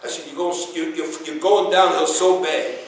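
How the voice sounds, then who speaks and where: Animated rabbi in a very echoey room. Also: male voice, fairly high pitch, moderate pace, distant mic, a little hiss or hum. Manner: animated storyteller, acts out dialogue, Yiddish and Hebrew words. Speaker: rabbi giving a Torah class. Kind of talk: informal Torah lecture with stories and humor. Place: room with listeners.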